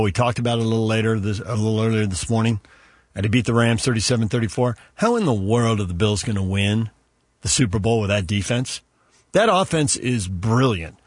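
A man's voice: mid-range voice, breathy edge, no echo. A man from California co-hosting a sports radio show, arguing football points with emphatic questions. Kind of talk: casual sports talk.

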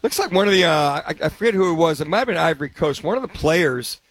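A man's voice: on the high side, expressive, fast, a bit bright. A man co-hosting a sports radio show, talking in a rambling, anecdotal way with frequent restarts. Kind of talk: casual sports talk.

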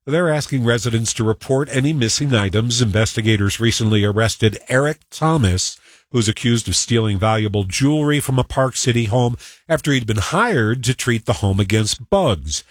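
A man's voice: mid-range voice, lively intonation, normal speed, dry recording, studio quality. A male radio news anchor from New York with a New York accent, reading the news in a wry, conversational way. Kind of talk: radio newscast.

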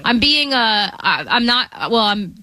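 A woman's voice: fairly high pitch, animated, measured pace, pushed and bright. A woman co-hosting a sports radio show with chatty, playful casual talk. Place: radio studio.

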